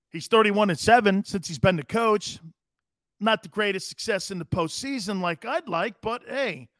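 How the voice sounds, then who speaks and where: A middle-aged man from Connecticut hosting a sports radio show, loud and rambling, laughing and doing voices for his stories. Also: high voice, dry recording, clean studio sound. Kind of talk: animated sports talk.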